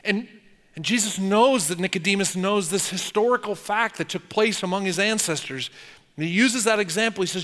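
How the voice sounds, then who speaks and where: A man preaching a sermon as pastor, animated, acting out incredulous questions and dropping low for quotes. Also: normal speed. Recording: long hall reverb.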